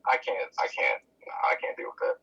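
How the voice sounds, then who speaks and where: A man's voice: normal speed, sharp tone. A young man co-hosting a podcast in casual chat, playfully spinning what-if scenarios, sounding dull and distant. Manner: laughing, playful what-if storyteller. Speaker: podcast co-host.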